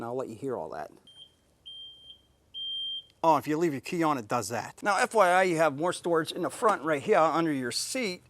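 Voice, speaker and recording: A man with a somewhat high voice talks through a product demo in a casual, excited way, explaining each step as he goes. He is outdoors, recorded on a camera mic. A faint machine hum sits behind him. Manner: enthusiastic, chatty, explaining step by step. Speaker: tool reviewer. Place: outdoors by a riding mower, later driving it. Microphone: camera mic, at times an action camera on the mower.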